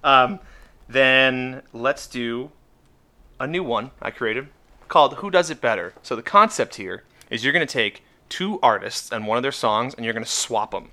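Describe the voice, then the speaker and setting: A man's voice: medium pitch, expressive, moderate pace, sharp tone. A man hosting a casual music podcast, chatting animatedly and laughing often. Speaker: podcast host. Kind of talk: casual chat.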